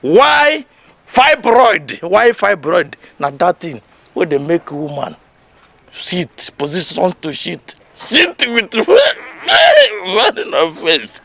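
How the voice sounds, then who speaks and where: An actor playing a boastful, know-it-all village man who lectures his friend in Nigerian Pidgin, loud and laughing at his own jokes. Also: a little high, measured pace, gravelly. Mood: lecturing. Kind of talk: comedy film acting.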